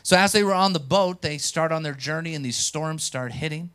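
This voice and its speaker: A pastor preaching a sermon, telling stories with animation and speaking directly to the congregation. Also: male voice, on the high side, a little fast, clear, resonant tone. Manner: animated storytelling, acts out quotes. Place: church.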